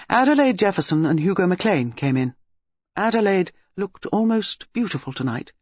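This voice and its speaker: A man narrating an audiobook in a lively, expressive reading. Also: fairly high pitch, normal speed, no room sound. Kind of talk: scripted narration. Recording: dull lo-fi dry audio.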